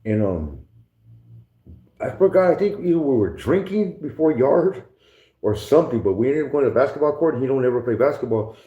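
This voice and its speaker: A man's voice: medium pitch, very animated, fairly quick. Slangy man, echoey dull recording. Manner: slangy, profane, laughs often, mimics others. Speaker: podcast guest telling prison stories. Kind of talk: casual storytelling. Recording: echoey room, dull lo-fi sound.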